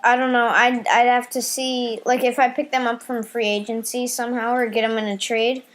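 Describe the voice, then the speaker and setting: A woman's voice: a little high, level tone, moderate pace. A woman co-hosting a podcast in casual chat, blunt and opinionated. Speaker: podcast co-host.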